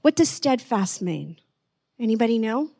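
A woman preaching gently in an online sermon, slowing down to stress words and dropping almost to a whisper. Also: fairly high pitch, very animated, gravelly, dry recording, clean studio sound. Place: online church service.

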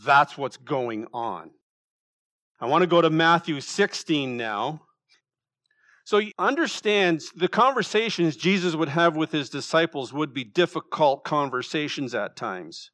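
Male pastor, sermon, conversational and questioning, slightly high voice, dry close sound. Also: a bit bright, no room sound. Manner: conversational, asks the congregation direct questions.

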